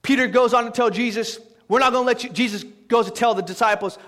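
A man's voice: very high voice, fairly even intonation, quick pace, hardly any pauses, fairly bright tone. A male pastor preaching a sermon, emphatic and repetitive, acting out the lines he quotes. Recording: long hall reverb.

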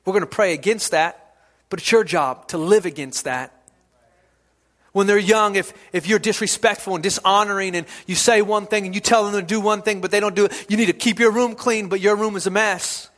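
A middle-aged male pastor preaches a little fast in a high, bright, ringing voice. He repeats key lines for emphasis and shifts from hushed drops into sudden loud, emphatic shouts.

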